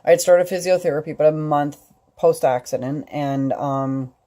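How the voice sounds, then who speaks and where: A middle-aged woman recounts a personal story to her viewers in a loose, rambling vlog style, with plenty of fillers and restarts. Her voice sits low and sounds mellow and relaxed. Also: normal speed. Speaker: vlogger.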